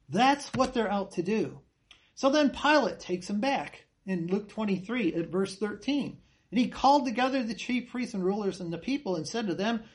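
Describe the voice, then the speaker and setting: A man's voice: high-pitched, darkish tone. A man giving a Bible class, reading scripture aloud and stressing key phrases with earnest repetition. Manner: reads scripture aloud with emphatic, rising voice on quoted cries; earnest, repeats phrases for emphasis.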